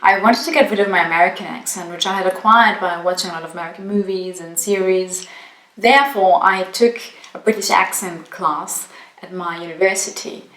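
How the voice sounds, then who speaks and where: A woman's voice: on the low side, steady tone, fairly quick, fairly bright tone. A young woman with as her language, a university student giving a careful, matter-of-fact testimonial. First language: German. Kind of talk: spoken testimonial. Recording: echoey room.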